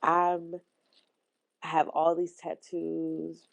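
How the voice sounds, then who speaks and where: Young woman, casual vlog storytime, slangy, dramatic squeals, slightly low voice. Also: very slow, vocal fry. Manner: animated, slangy, dramatic pitch jumps and loud outbursts. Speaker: vlogger.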